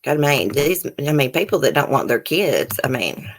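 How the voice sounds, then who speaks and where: A woman's voice: rumbling low, very animated, moderate pace, a little hiss or hum. Fired-up woman reading the news. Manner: reads news articles aloud, then reacts with heated indignation and cursing; chats directly with live viewers, casual and rambling. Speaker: channel host. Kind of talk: live-stream news commentary.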